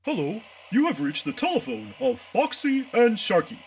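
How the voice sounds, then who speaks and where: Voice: medium pitch, big pitch swings, normal speed, vocal fry, slight background noise. A performer putting on a stiff puppet character recording an answering-machine greeting, reciting it in a stilted way.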